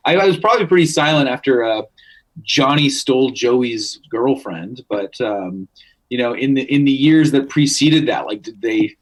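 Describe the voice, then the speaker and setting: Brief: man from Canada in his thirties, mid-pitched, loose rambling storyteller who swears and restarts a lot. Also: expressive, moderate pace, rough recording. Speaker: guest musician. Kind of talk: casual chat.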